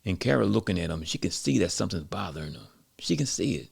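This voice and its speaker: A man with a very low, gravelly voice tells a story in a relaxed, conversational way. His tone is husky, and he pads his sentences with casual fillers. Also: quick pace.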